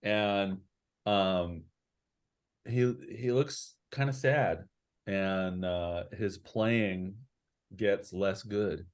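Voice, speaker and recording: A man narrating as game master in an online tabletop game, relaxed and rambling with many fillers. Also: deep voice, very slow.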